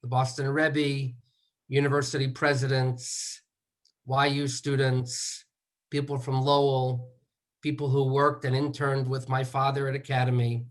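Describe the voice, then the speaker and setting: A man giving measured remarks as a son at a memorial, moving through slow, deliberate lists. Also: mid-range voice, little pitch movement. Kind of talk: eulogy remarks.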